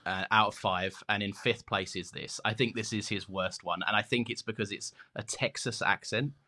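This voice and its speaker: A man co-hosting a podcast, reviewing TV and film in casual chat, quick and quick to laugh. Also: lowish voice. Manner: animated, quick, laughs easily. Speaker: podcast co-host.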